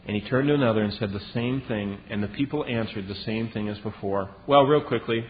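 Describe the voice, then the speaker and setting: A man preaching a sermon as a Bible teacher, telling the story in a lively way and acting out the lines he quotes. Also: lowish voice, brisk. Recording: dull lo-fi recording with long reverb and faint hiss.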